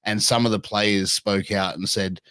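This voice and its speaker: A young Australian man with an Australian accent, a guest on a casual podcast, chatting in a relaxed, slangy way. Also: fairly low pitch, moderate pace, smooth, no echo. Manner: laid-back, slangy, says "bro" and "man" a lot.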